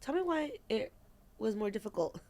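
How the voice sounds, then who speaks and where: A young woman co-hosting a podcast, telling an animated story in casual chat, acting out quoted lines and swearing freely. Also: fairly high pitch, normal speed. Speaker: podcast co-host.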